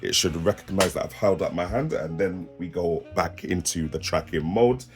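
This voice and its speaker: This casual product demo features a young male tech reviewer from South East London showing off a webcam, slangy and jokey, laughing as he talks. His deep voice moves at a moderate pace over music.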